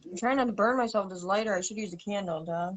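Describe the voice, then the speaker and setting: A woman's voice: medium pitch, fast. A woman hosting a casual live-stream podcast, talking in an offhand, teasing way. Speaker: podcast host.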